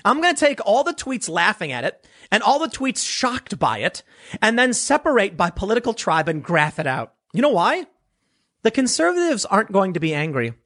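Animated sarcastic man ranting. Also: high-pitched, moderate pace. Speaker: commentator. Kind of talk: unscripted commentary monologue.

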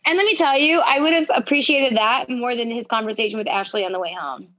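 A woman's voice: fairly high pitch, fast talker, fairly bright tone, no echo, lo-fi sound. A woman co-hosting a casual recap podcast, talking bluntly and profanely and cracking jokes. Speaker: podcast co-host. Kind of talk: casual reality-TV recap chat.

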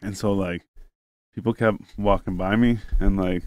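Rambling, low-voiced man telling a story. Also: steady tone, normal speed, darkish tone, no room sound, clean studio sound. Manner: rambling, heavy on fillers and swearing; acts out other people's lines in his story. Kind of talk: casual podcast chat.

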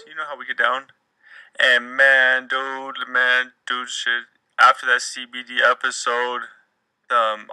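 A man's voice: medium pitch, bright, forceful tone, clear, resonant tone, dry recording, low-quality recording. A young man hosting a casual solo podcast, telling a rambling, profane and jokey story. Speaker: podcast host.

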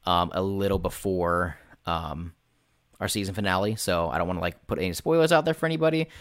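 A man's voice: low-pitched, fairly quick, no echo, clean studio sound. A man who runs tabletop games, chatting casually as a podcast guest and telling rambling, filler-heavy stories with some swearing. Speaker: game master and podcast guest. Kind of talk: casual interview chat.

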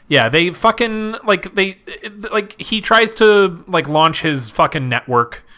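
A man's voice: high voice, expressive, takes it slowly, bright, forceful tone. A man co-hosting a podcast, chatting loosely about movies, rambling, swearing and laughing often. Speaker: podcast co-host. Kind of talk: casual banter reviewing movies.

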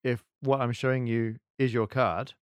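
A man's voice: mid-range voice, steady tone, normal speed, clean tone, no room sound, highs cut off. A man co-hosting a podcast in casual chat, giggly and self-mocking. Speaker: podcast co-host.

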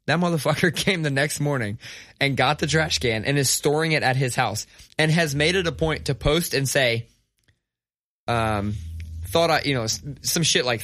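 Brash, bright-voiced man ranting. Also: medium pitch, brisk, no echo, clean studio sound. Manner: animated, swears a lot, rants with mock outrage. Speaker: podcast co-host. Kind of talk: casual profane storytelling.

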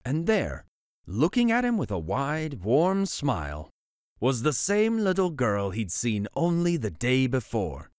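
A man's voice: mid-range voice, wildly swooping pitch, a little slow, dry recording, studio quality. A man hosting a show and reading a bedtime picture book aloud, telling the story with voices. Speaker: host and story reader.

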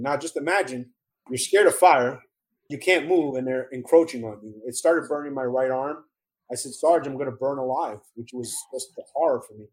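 Husky-voiced middle-aged New York man. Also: mid-range voice, a little mellow, rough recording. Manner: earnest, emotional storytelling with many restarts. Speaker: former police officer telling his survival story. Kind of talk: first-person testimony in an interview.

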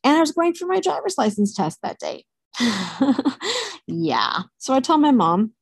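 A woman telling a personal story to camera in a candid, animated way, swearing freely. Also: high-pitched, measured pace, pauses often, slightly rough, dry recording.

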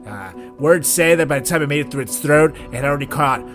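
A man hosting a podcast, teasing and roasting his co-host in a loud, playful way. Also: fairly high pitch, animated, quick pace, music in the background. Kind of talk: casual comedic chat.

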